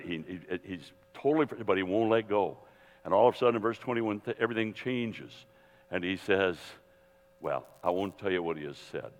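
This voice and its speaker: A man teaching a Bible seminar in a lively, digressive sermon style, full of restarts and asides, speaking to an audience in a hall. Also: on the low side. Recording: long hall reverb.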